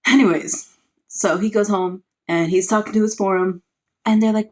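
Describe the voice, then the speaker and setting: A woman's voice: mid-range voice, brisk. A woman, a parent, giving a casual, sarcastic recap of a book, full of "like" fillers. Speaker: book reviewer.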